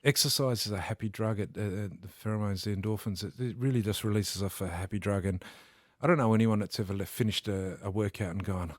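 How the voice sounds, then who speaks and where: A man's voice: on the low side, steady tone, fast talker, hardly any pauses, no room sound, clean studio sound. A man in his forties, a boxer and coach, talking earnestly and motivationally as a podcast guest. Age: 40s. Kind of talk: casual podcast chat.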